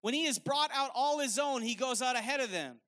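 A man preaches a sermon in a strikingly high, forceful voice. He talks in a loose, conversational way and drives his points home by repeating phrases. The energy stays up throughout. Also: brisk. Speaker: evangelist preacher.

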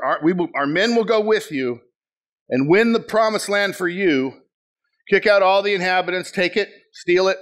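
A middle-aged male pastor preaching a sermon, telling stories with sudden shouted bursts and acted-out quotes. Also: fairly high pitch. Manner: animated storytelling, bursts into shouts, acts out quotes.

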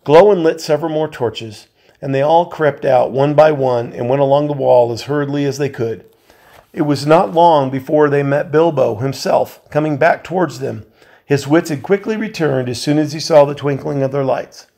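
A man, a volunteer reader, reading a novel aloud in a measured way, with occasional slips he corrects. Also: on the high side, creaky, dark tone.

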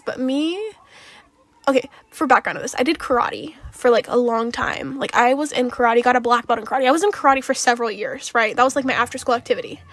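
A young woman rambling casually as she talks over a game build video, with lots of fillers and small laughs. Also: fairly high pitch. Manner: rambling, filler-heavy, giggly. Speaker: game streamer.

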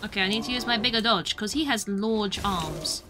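A woman's voice: medium pitch, fairly quick, over music. A British woman streaming a video game, chatting playfully with viewers and cheering herself on through fights. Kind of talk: casual gameplay commentary.

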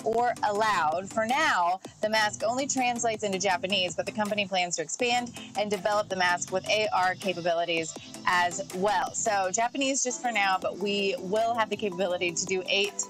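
A woman's voice: mid-range voice, moderate pace, fairly bright tone, faint music behind, poor audio. Chatty woman presenting tech gadgets. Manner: chatty, informal, reads product notes with asides. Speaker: tech segment guest. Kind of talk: casual TV segment chat. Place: TV studio.

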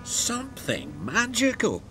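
A man's voice: high-pitched, moderate pace, soft background music, pitched above the performer's own voice. A man voicing a cheeky, over-eager little male tank engine in a cartoon storybook. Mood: excited. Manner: excited, breathless exclamations.

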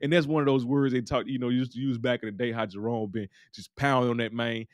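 A man's voice: mid-range voice, steady tone, fast, dry recording. A man giving a loose, chatty recap of a TV episode, acting out the characters' lines as he goes. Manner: loose, talky retelling that acts out characters' lines. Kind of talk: casual recap monologue.

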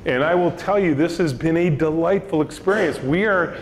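A man's voice: fairly high pitch, normal speed. A middle-aged man, a company CEO, giving a storytelling talk to students and acting out the voices in his anecdotes. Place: lecture hall with audience. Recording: long hall reverb, faint noise.

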